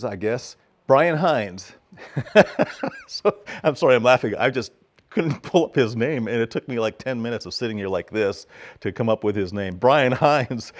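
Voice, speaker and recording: A middle-aged man talking casually to his viewers in a folksy, rambling way, often calling them folks. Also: medium pitch. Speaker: vlogger. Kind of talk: casual vlog monologue.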